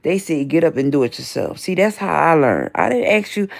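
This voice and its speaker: A woman's voice: sits low, expressive, a little fast, vocal fry. A woman, hosting a livestream and ranting confrontationally at people she names, repeating herself as she reads the chat. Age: 50s. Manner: confrontational, repetitive, addresses people directly. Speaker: livestream host. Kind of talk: livestream rant reading chat.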